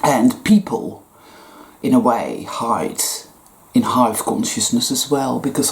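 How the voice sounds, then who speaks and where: A woman's voice: rumbling low, slow, a little mellow. A woman giving a casual monologue as a spiritual vlogger, blunt, profane and sarcastic.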